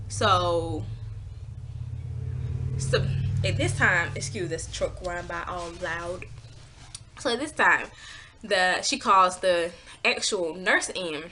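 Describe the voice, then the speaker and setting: A woman telling a personal story in a casual vlog, animated and exasperated, swearing freely and acting out what people said. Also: slow, pauses often, soft background music. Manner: acts out quotes with pitch jumps.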